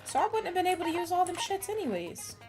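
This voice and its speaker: A woman's voice: extremely high pitch, big pitch swings, quick pace. Young woman streamer, casual, nervous chatter full of swearing, faint game music under her voice. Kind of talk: casual live-stream chat.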